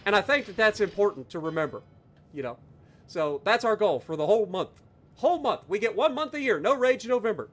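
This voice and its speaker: A man live-streaming a game, talking to his chat and thanking donors with loud, exaggerated reactions. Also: sits high, big pitch swings, fairly quick.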